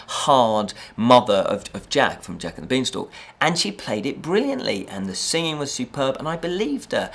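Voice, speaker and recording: A man reviewing a film in a casual chat, animated and exasperated, repeating points for emphasis. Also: medium pitch. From United Kingdom.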